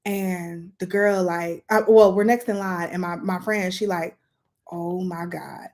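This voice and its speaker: A woman chatting casually in a storytime vlog, retelling events in a lively way while doing her makeup. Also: a little slow. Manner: lively, animated retelling with sudden jumps in pitch and volume. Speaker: vlogger telling a story.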